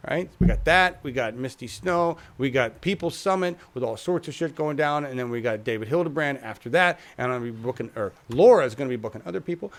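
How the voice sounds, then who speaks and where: Creaky-voiced rambling male talk host. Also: medium pitch, a bit bright. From United States. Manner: rambling, chuckling, self-deprecating. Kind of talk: casual livestream chat.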